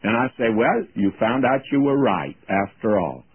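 An older man giving a folksy radio Bible teaching, plain-spoken and slowing down to quote scripture. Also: medium pitch, big pitch swings, husky, no echo. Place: radio studio. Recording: tinny phone-like radio broadcast, dry.

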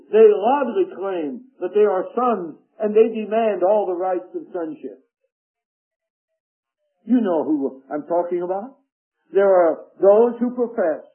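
A man preaching a sermon, slow and emphatic, reading scripture aloud. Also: high-pitched. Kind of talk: radio sermon. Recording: tinny phone-like radio broadcast.

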